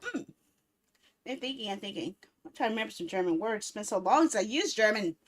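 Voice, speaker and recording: A woman's voice: medium pitch, animated, fast talker. A woman in her thirties streaming a casual chat, rambling playfully and laughing often. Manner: playful, silly baby talk.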